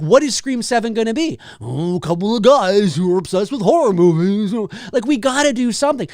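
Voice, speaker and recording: A man hosting his own horror film talk show, talking casually and with animation, and swearing as he acts out excited reactions. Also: high-pitched, no echo, studio quality. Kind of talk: casual solo commentary.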